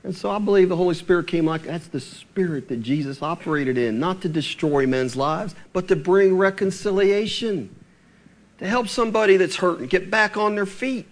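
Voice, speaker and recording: A man preaching a sermon, asking the congregation rhetorical questions and slowing down to read scripture aloud. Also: high-pitched. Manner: animated, asks rhetorical questions, slows for scripture.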